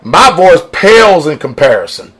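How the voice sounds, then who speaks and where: A man's voice: a little high, sing-song, moderate pace, fairly bright tone. A man preaching on a radio broadcast, emphatic, throwing out rhetorical questions and drawing responses from listeners. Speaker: pastor. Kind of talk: radio sermon.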